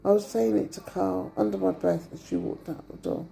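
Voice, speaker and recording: Tired woman venting, gravelly dark voice. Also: medium pitch, fairly even intonation, a little fast. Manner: upset, venting, retells dialogue. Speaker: vlogger. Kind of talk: casual vlog rant. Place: hospital room.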